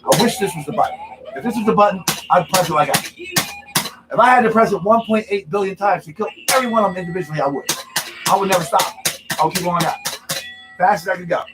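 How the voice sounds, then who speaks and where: A high-voiced man talks at a quick pace with frequent pauses, music playing behind him and the recording rough. Hosting a drinking livestream in his home studio, he rants angrily and repetitively, punctuating points with "okay?".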